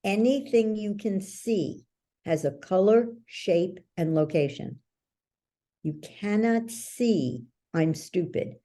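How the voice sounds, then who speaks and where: A woman's voice: medium pitch, animated, slow pace, warm tone. A woman who is a guest coach, explaining ideas in an interview, telling stories and checking in often with the listener. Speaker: guest, belief-change coach.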